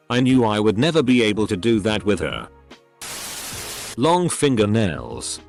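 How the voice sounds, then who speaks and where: A text-to-speech male voice reading online posts aloud in short, clipped sentences. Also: on the low side. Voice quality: synthetic computer voice. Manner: reads short clipped sentences one after another.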